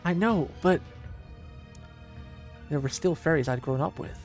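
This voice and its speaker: A man's voice: on the high side, measured pace, soft background music. A man voicing an earnest, stubborn young fairy woman who talks in a pleading way.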